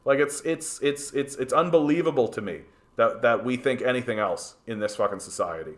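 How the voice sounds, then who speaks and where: A mid-range, slightly fast male voice drives this political livestream from a Canadian host. He reads chat and responds heatedly, cursing freely and stumbling over many restarts.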